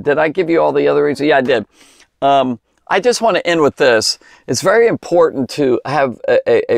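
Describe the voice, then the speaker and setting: Gravelly-voiced man teaching the Bible. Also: medium pitch, no echo, studio quality. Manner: folksy, rambling, with emphatic exclamations. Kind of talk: informal Bible teaching for kids.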